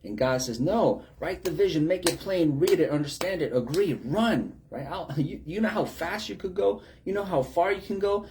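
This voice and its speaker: A man's voice: a little high, lively intonation, normal speed, few pauses, a little mellow, a little hiss or hum. A man preaching a sermon in a conversational way, with many rhetorical questions and acted-out quotes.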